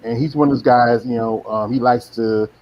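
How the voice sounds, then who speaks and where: A man's voice: medium pitch, steady tone, normal speed, highs cut off. A man hosting a podcast in casual chat, rambling with constant "you know"s and blunt, profane remarks. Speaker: podcast host.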